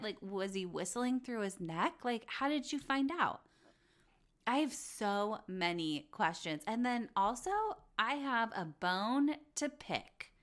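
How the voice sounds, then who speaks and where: Chatty, gossipy woman podcaster. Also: medium pitch. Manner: chatty, gossipy and exasperated, with frequent "like". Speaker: podcast host. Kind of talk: casual reality TV recap.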